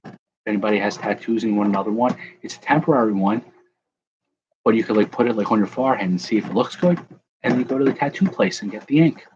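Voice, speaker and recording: A young man running a card-break stream jokes with his audience and calls out chat users by name while tearing open packs. He talks fast in a lowish voice, over dull audio and a noisy background.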